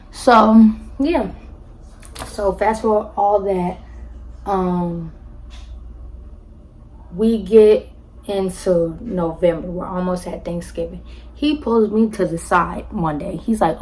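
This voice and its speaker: A young woman telling a personal story to her viewers in a casual, animated way, talking to them directly and acting out what others said. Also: slow pace, a little hiss or hum, poor audio. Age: young adult. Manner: animated, acts out quotes with jumps in pitch; addresses viewers directly as y'all. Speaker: storytime vlogger.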